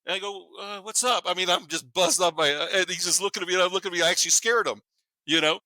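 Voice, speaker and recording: A man in his fifties, a podcast guest, telling rambling, animated stories in casual chat, swearing freely and laughing as he goes. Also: high voice, racing, no room sound. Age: 50s. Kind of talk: casual storytelling.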